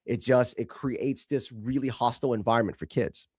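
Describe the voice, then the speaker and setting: A man's voice: medium pitch, moderate pace, darkish tone, slightly rough, no echo, clean studio sound. A male host giving emphatic, scornful commentary on a video clip, repeating himself for stress.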